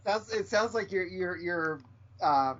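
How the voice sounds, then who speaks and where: A man's voice: high voice, expressive, measured pace, fairly bright tone. An American man teasing his co-host in casual podcast banter, with stumbling restarts. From United States. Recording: muffled lo-fi podcast audio. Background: faint music.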